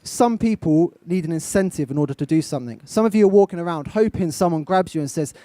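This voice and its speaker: A young motivational speaker from England coaches a live audience from an event stage, speaking directly and posing questions to them. He has a fairly high, dark-toned voice and talks fast with few pauses; there's no echo.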